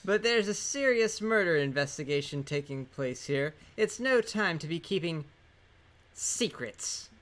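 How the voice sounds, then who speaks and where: A man's voice: a little high, lively intonation, measured pace, fairly bright tone. A man voicing an eager, chatty bird police lieutenant in a video game.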